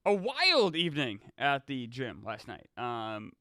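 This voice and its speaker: A man's voice: medium pitch, measured pace, no echo. A man co-hosting a sports podcast, telling stories in casual chat with lots of restarts. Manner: animated storytelling with frequent restarts. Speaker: podcast co-host.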